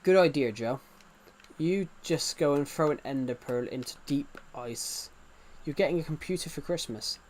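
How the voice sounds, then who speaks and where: A man's voice: fairly high pitch, moderate pace, a little mellow, a little hiss or hum. A man live-streaming a game, chatting casually and reassuring viewers, often repeating himself. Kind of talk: casual live-stream chat while gaming.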